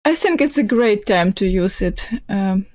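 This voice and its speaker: A woman's voice: medium pitch, animated, measured pace, darkish tone. A female player giving short, casual answers about her dice rolls. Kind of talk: tabletop role-play.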